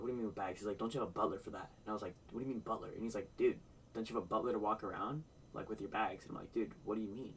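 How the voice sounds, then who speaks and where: A man's voice: fairly low pitch, fairly bright tone, recorded from a distance, slight background noise, poor audio. A man reacting to a music video, telling absurd made-up stories in a mock-sincere tone. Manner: tells outlandish tall tales in a mock-sincere tone.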